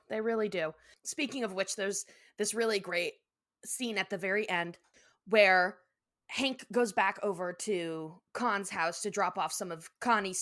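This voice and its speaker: A woman's voice: mid-range voice, a bit bright. A woman guest on a casual podcast, talking with enthusiasm, laughing often and acting out lines from a cartoon.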